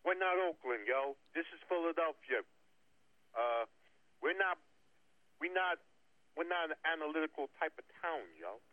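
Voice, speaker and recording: A man's voice: on the high side, moderate pace, long pauses, no echo. Laid-back male co-host, muffled sound. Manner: laid-back, tags lines with "yo". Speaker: radio co-host. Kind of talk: sports talk radio banter. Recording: slightly dull lo-fi sound.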